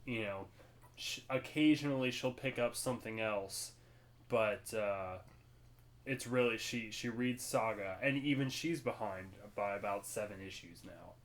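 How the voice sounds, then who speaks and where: A man's voice: fairly low pitch, measured pace. Chatty young male podcast co-host. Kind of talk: casual chat.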